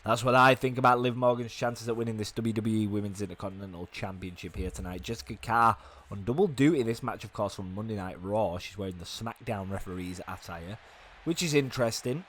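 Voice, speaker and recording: A young man with a hoarse, fading voice, giving fast, chatty commentary on a wrestling video game. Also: on the low side, a bit bright, a little hiss or hum. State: hoarse, losing his voice. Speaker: gaming YouTuber.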